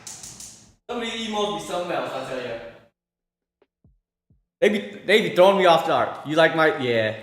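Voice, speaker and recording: A man's voice: a little high, animated, moderate pace, pauses often, roomy sound. A man streaming while he cooks, chatting casually with his viewers, rambling and repeating himself. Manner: rambling, repeats words, talks to chat between cooking. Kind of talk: casual chat with chat while cooking.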